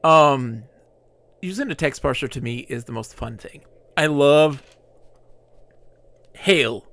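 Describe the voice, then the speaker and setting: Gravelly, lively-voiced male game streamer. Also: medium pitch, slow pace, no echo. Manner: playful, goofy, mock-dramatic rants. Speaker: live streamer. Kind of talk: live gameplay commentary with in-character joking.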